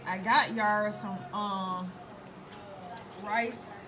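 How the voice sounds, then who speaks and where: A woman's voice: mid-range voice, steady tone, very slow, background noise. A woman in her twenties talking casually straight to her viewers, vlogging on a phone camera. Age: 20s. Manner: chatty, speaks straight to viewers. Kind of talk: casual vlog talk to camera. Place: restaurant and hotel, in and out of doors.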